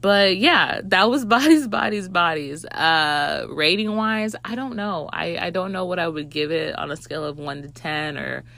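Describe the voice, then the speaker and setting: A woman in her twenties telling a party story and reviewing a movie in a casual, animated, profane way, acting out the people she quotes. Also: on the low side, normal speed, gravelly, few pauses.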